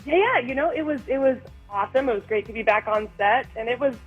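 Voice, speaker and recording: A woman's voice: fairly high pitch, quick pace, slightly rough, dull audio, soft background music. A woman chatting as a guest on a radio show by phone, telling stories and laughing easily. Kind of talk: casual phone interview. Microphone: phone line.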